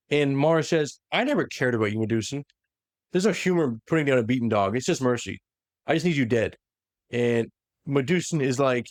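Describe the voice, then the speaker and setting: A man casually recapping a story for a co-host, slipping into quick voiced quotes of the characters. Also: medium pitch, no room sound, clean studio sound. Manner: animated retelling that slips into quick voiced quotes. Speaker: podcast host recapping lore. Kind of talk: casual lore recap chat.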